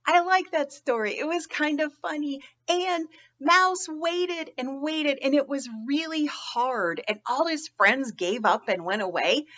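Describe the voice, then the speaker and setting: A woman reading a children's picture book aloud, expressive and pausing to ask young listeners questions. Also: high voice, lo-fi sound. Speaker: children's story reader. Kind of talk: storytime read-aloud.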